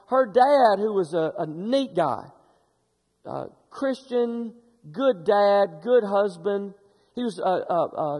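A middle-aged man preaching a sermon, telling stories in an animated way with frequent restarts. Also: high voice, long reverb tail. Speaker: pastor.

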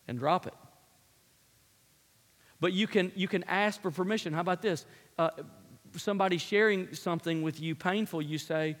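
A man with a high voice delivers a sermon as a pastor, pressing his points home by repeating short phrases. His words ring out with a long reverb from the hall around him. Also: moderate pace, pauses often, fairly bright tone. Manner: emphatic preaching, repeating key phrases.

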